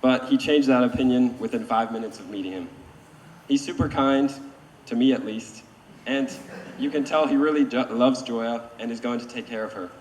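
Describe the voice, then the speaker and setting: A man's voice: medium pitch, normal speed, darkish tone. A man giving a short, earnest wedding toast as the bride's brother, with a few slight stumbles. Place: wedding reception hall. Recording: distant voice in an echoey hall, faint noise.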